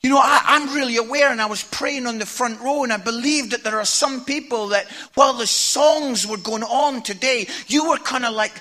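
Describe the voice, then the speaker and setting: Scottish male preacher, high bright voice, chatty storyteller who checks in with "yeah?", drops soft then booms. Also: normal speed, hardly any pauses. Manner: conversational storytelling, tag questions like "yeah?"; swings from hushed to loud. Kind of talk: sermon. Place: church hall with audience.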